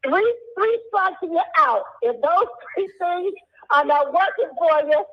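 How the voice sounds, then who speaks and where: A woman's voice: very high voice, animated, measured pace, muffled recording. A woman hosting a radio call-in show, coaching a caller with teasing repetition.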